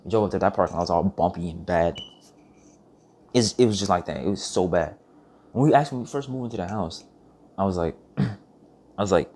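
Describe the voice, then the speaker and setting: Deep-voiced young man telling rambling stories. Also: a little fast, long pauses. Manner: rambling, profane, animated retelling with restarts. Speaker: vlogger. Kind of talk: casual storytelling monologue.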